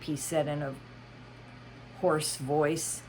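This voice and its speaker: A woman reads a children's classic aloud, slow and expressive. Her pitch moves freely through each sentence, and there is a faint hiss behind her. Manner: expressive, unhurried. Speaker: audiobook reader. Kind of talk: storybook narration.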